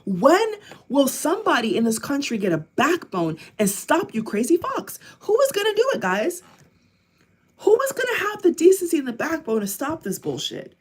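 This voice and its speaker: In a heated political rant filmed for her vlog, a US woman keeps returning to the same lines over and over. Her high-pitched voice takes huge swings while holding a normal speed.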